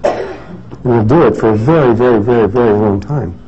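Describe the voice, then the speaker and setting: A man's voice: medium pitch, moderate pace. A man telling a story in a casual talk, rambling with many restarts and fillers. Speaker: speaker giving a talk. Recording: dull lo-fi recording with faint noise.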